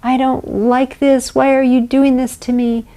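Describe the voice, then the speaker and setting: A woman's voice: high-pitched, flat delivery, measured pace, warm tone, pitched above the performer's own voice. A woman voicing an upset little girl who whines and protests at her mother. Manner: whiny, protesting.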